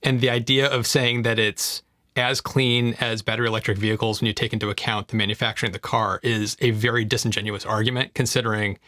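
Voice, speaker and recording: A man's voice: medium pitch, sharp tone, dry recording, studio quality. A man co-hosting a tech podcast, speaking emphatically and with strong opinions. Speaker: podcast co-host. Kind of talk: casual tech chat.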